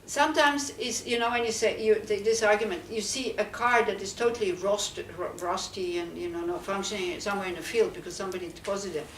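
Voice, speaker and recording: A Buddhist nun questions a small group one thing after another during a relaxed dharma talk at a teaching centre, peppering it with "you know." Medium in pitch, quick with few pauses and fairly bright, her voice comes across an echoey room from a distant mic, with slight background noise.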